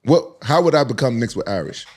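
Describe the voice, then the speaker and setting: A man's voice: medium pitch, expressive, fairly quick, darkish tone. A man in his forties with a Southern American accent, guest on a podcast, telling stories animatedly with frequent laughs and repeated words. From United States. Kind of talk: casual chat.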